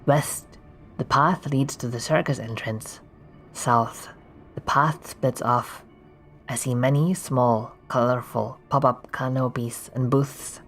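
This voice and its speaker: A streamer casually narrating a text adventure game, reading the descriptions aloud with quick offhand asides. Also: mid-range voice, fairly even intonation, faint music behind.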